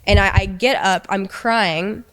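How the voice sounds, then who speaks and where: A young woman recounting a frightening relationship in a halting way, with many restarts and quoted lines. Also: medium pitch, fairly bright tone. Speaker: interviewee recounting abuse. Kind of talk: emotional storytelling.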